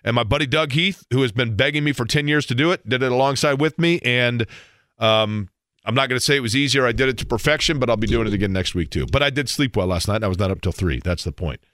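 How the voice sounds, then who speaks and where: A man's voice: mid-range voice, quick pace, fairly bright tone, no room sound, studio quality. A middle-aged man hosting a sports talk radio show, rambling playfully and poking fun at himself. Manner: rambling, playful, self-mocking.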